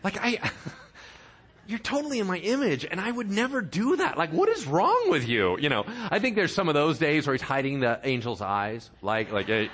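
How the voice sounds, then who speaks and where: A pastor delivers a sermon in a fairly high, lively voice that swings widely in pitch. He jokes with the congregation between passages. He reads scripture with dramatic emphasis. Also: moderate pace, breathy edge. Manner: animated, playful asides to the congregation.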